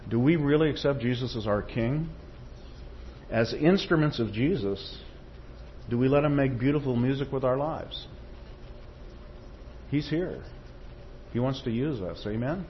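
A man's voice: mid-range voice, animated, measured pace, pauses often, muffled recording, slight background noise. A man preaching a sermon, reading quotations with rising force and checking in with the congregation. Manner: tag questions to the congregation.

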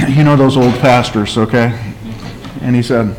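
A man's voice: mid-range voice, moderate pace, rough recording. A man preaching a sermon, asking rhetorical questions, calling out for an amen and telling stories to his congregation. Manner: emphatic preaching, calls for amen and tells stories. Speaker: pastor.

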